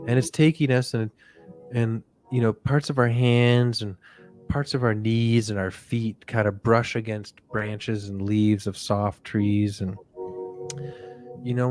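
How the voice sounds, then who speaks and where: A male comedian hosting a live show, rambling through a mock guided relaxation in a soft, drifting voice. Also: on the low side, steady tone, measured pace, soft background music. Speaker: comedian and podcast host.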